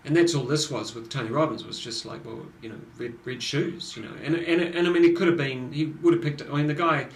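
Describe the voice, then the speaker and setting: A man's voice: medium pitch, brisk. Chatty man in an echoey room. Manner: animated storytelling with many restarts. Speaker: podcast co-host. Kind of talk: casual conversation. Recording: echoey room with faint noise.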